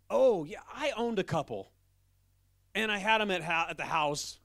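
A man who is a pastor, preaching a sermon in an animated, emphatic, conversational way. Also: high-pitched, normal speed, creaky, no room sound, clean studio sound.

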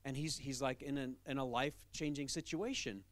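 A man who is a pastor, preaching a sermon in an animated, emphatic, conversational way. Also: medium pitch, normal speed, no room sound.

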